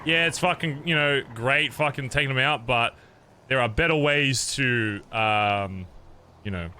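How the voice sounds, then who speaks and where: A man's voice: mid-range voice, measured pace, bright, forceful tone, clear, resonant tone. A man talking in character as a biker club leader in an online role-play game, rambling and swearing freely as he lays out his plans. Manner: profane, rambling, fired-up pep talk.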